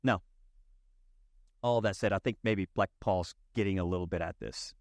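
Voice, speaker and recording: A pastor from East Tennessee with a Southern accent, preaching in a conversational, animated storytelling way. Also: male voice, sits low, normal speed, no echo, clean studio sound. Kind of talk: sermon. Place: church.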